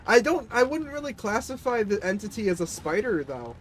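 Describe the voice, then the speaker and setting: A man's voice: sits high, sing-song, brisk, slight background noise. A man who is a little sick, chatting casually with viewers and players as he streams a game.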